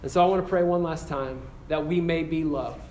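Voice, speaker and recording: A man giving an earnest campus sermon, telling a story with frequent restarts and ending in a slow, quiet prayer. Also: fairly high pitch, slight background noise. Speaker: campus pastor. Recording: echoey room with faint ambience.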